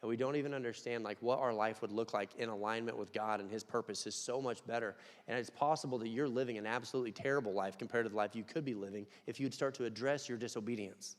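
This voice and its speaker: A young man preaching a conversational sermon, dropping to quiet asides and rising to loud, emphatic peaks. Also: mid-range voice, fast, few pauses. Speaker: pastor. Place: church hall. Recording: long hall reverb.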